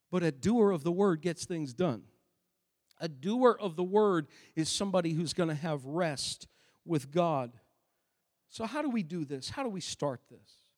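A man with a very high voice preaches a sermon as pastor, his words trailing off into the long reverb of a large church hall. He drops into quiet, intimate asides, then rises to loud, emphatic declarations.

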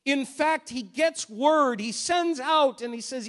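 A man preaching a sermon as a story, animated and swinging between loud and hushed. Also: very high voice, slow, hardly any pauses.

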